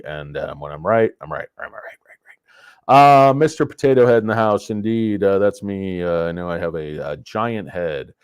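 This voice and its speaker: A lower-pitched man hosts a loose livestream, chatting with viewers in a rambling, jokey way. He sounds stuffy from a head cold. The sound is dry and close, from a clip-on lapel mic. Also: a little mellow, smooth, no echo. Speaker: livestream host. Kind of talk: casual livestream commentary. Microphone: cheap lapel microphone.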